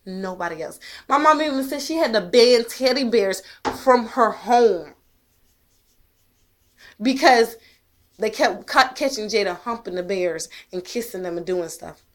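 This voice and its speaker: In a lengthy to-camera monologue, a mother with a slightly high voice hammers home her views through sharp rhetorical questions, intense and emphatic, even swearing. Her delivery is expressive and a little slow.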